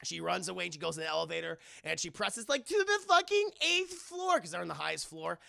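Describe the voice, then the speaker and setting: Gravelly young man rambling through a film recap. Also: sits high, big pitch swings, fast, sharp tone, no room sound. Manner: rambling, hesitant, swears often. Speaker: streamer reviewing a film with live chat. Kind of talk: casual profane movie recap.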